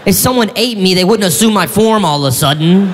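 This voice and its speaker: A man performing stand-up comedy, telling a story in an animated, incredulous way with sudden shouts. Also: high voice, brisk, a little hiss or hum. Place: live comedy venue on stage. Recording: live stage in a reverberant hall with faint crowd ambience.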